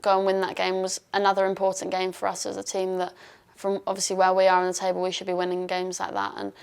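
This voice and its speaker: A woman's voice: medium pitch, fast, gravelly, smooth. A woman footballer talking casually and reflectively in an interview, with fillers like "like" and "um". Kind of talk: interview about returning from injury.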